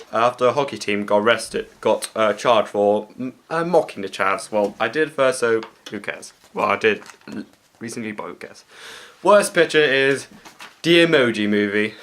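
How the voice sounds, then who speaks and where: A man's voice: mid-range voice, fairly bright tone. A man giving casual comedic commentary as a vlogger, rambling with fillers. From Britain. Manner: rambling, with frequent fillers and restarts.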